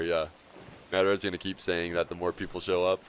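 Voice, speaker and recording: A man's voice: sits low, steady tone, normal speed, slight background noise. A man live-streaming a video game, chatting casually and rambling with viewers, laughing often. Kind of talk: live gameplay commentary and chat.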